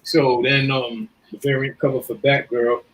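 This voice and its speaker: A man's voice: medium pitch, level tone, a little slow, a bit bright, rough recording. A man co-hosting a talk show, speaking casually and easily, with frequent fillers. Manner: easygoing, filler-heavy. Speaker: podcast co-host. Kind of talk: casual chat.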